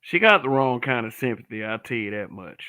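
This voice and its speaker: A man's voice: medium pitch, animated, brisk, pushed and bright, clear, resonant tone. A man giving blunt, profane commentary, often restarting and stammering over his words. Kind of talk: casual commentary to camera.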